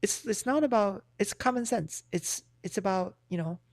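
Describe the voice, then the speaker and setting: A woman's voice: mid-range voice, moderate pace, darkish tone, no room sound. A woman livestreamer in casual chat, giving blunt, profane, rambling opinions.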